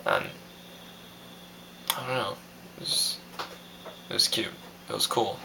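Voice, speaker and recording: A man's voice: fairly low pitch, slow, vocal fry, noisy background. A young man from Hawaii recording a casual video diary, rambling and hesitant with lots of fillers. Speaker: vlogger.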